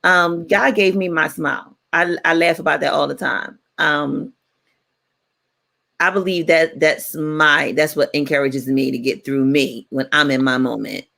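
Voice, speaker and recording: A woman in her forties, co-hosting a radio talk show and telling stories in a playful, animated way. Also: deep voice, measured pace, creaky. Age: 40s. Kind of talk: casual chat.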